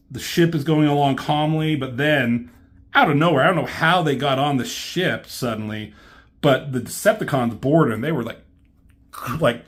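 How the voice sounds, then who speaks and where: A man reviewing a comic in a casual, rambling way, swearing often and filling pauses with ums. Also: medium pitch, a bit bright. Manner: rambling, swears a lot, many fillers. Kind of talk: casual chat.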